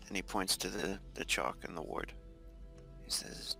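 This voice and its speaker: A man playing in a tabletop game who describes what his character does. His voice is low and gravelly and his speech is slow. He pauses often with fillers. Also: steady tone, bright, forceful tone, soft background music. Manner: hesitant, with frequent fillers. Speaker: player.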